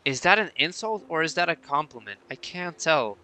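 A man's voice: fairly high pitch, expressive, moderate pace, bright, forceful tone. A man chatting casually on a live stream while he plays, reading viewer messages aloud and answering them playfully.

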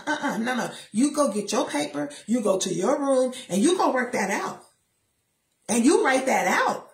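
A woman giving a lively motivational talk, telling personal stories and acting out the voices of the people in them. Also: fairly high pitch, creaky, roomy sound. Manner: lively storytelling, acts out voices, preachy asides. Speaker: motivational speaker.

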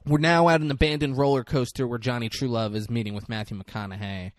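A man's voice: medium pitch, fairly even intonation, fast, dry recording. A man co-hosting a casual podcast, recapping a film plot in a profane, rambling storytelling way. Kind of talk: casual chat.

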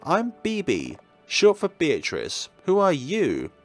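A man's voice: fairly high pitch, wildly swooping pitch, slow, soft background music, voice pushed up, heavily acted. A man voicing a cheerful, bossy little girl in a horror game playthrough, talking in a bubbly, chirpy way.

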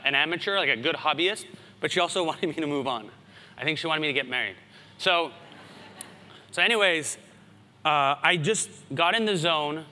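An American conference speaker in his thirties tells animated anecdotes in a keynote, tossing asides to the audience to keep it lively. His voice is very bright, forceful and somewhat high for a man, and it rings back through the big hall with a long reverb.

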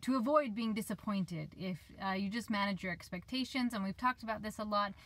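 A woman's voice: medium pitch, a little fast, fairly bright tone, dry recording, rough recording. A woman in her thirties, a life coach, giving casual advice from her parked van, chatty and sometimes losing her train of thought. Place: parked van, rain outside.

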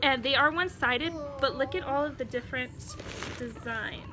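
Young mom vlogger, high voice, a bit breathless, chatty, noisy home recording. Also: female voice, moderate pace. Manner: chatty, keeps breaking off to talk to her toddler. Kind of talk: casual show-and-tell chat. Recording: home video with background noise.

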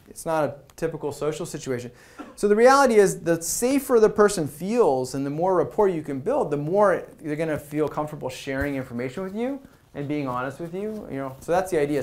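Chatty man giving a product talk. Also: fairly high pitch. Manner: conversational, acts out user dialogues, frequent "right?". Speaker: speaker at a product meetup. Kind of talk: conference talk. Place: meetup venue.

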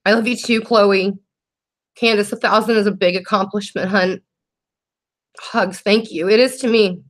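On a beauty livestream, a woman chats casually and reads viewers' comments, emotional, grateful, and teary at times. Her voice is mid-range and steady, at a normal speed.

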